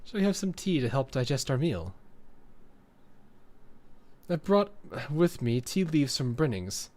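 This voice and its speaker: A man reading the lines of a calm, refined, wealthy young lady in a poised, polite, measured way. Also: mid-range voice. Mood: gracious.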